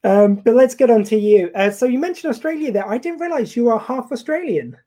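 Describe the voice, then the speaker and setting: A woman's voice: on the high side, lively intonation, brisk, warm tone. A woman hosting a casual interview, chatty and friendly. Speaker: podcast host.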